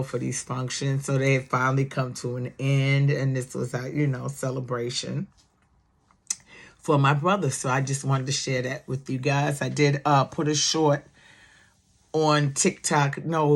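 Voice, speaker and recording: A woman giving casual news commentary on her channel, chatty and indignant, her voice climbing high when she gets upset. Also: level tone, moderate pace.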